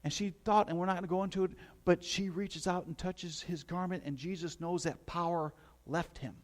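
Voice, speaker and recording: A man's voice: high-pitched, fairly even intonation, moderate pace. A middle-aged male pastor preaching a sermon in a conversational storytelling way, with asides to his listeners.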